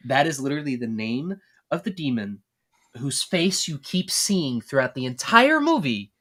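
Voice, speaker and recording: A man's voice: mid-range voice, sing-song, normal speed, a bit bright. A man co-hosting a podcast in casual chat, opinionated and swearing freely. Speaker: podcast co-host.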